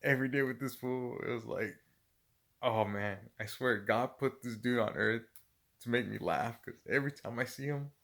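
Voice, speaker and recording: A man's voice: medium pitch, moderate pace, gravelly. Profane laughing man telling stories. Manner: profane, laughing often, animated retelling. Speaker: storyteller. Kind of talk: casual storytelling.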